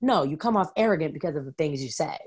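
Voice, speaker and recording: A woman chatting casually about reality TV, full of "like" and quick asides. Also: deep voice, expressive, darkish tone, breathy edge, dry recording. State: has the hiccups.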